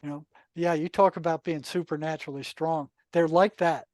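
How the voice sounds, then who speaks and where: An older man, a retired therapist, telling anecdotes in a relaxed, conversational podcast interview, full of asides. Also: a little high, moderate pace, dry recording. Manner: relaxed, anecdotal, many asides and "you know". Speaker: podcast guest, retired psychotherapist. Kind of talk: casual storytelling.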